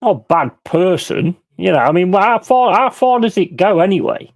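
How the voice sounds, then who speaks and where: A man's voice: high voice, lively intonation, moderate pace, dry recording. A middle-aged man hosting a live stream, ranting bluntly and swearing freely in casual chat. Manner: mimics other people in quoted voices. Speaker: livestream host.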